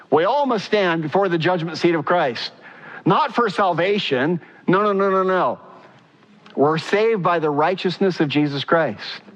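A man's voice: in a large hall, lo-fi sound. A man preaching a sermon as pastor, emphatic and fervent, putting direct questions to his congregation. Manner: emphatic, rising to a high, fervent pitch at key points.

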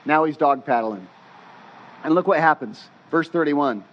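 A man preaching a sermon as pastor, telling stories with animated, casual delivery and slang. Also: a little high, unhurried, dull audio.

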